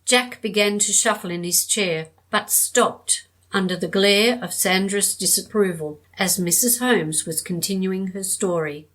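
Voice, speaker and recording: A woman narrating an audiobook with a measured, steady storytelling delivery. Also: medium pitch, poor audio.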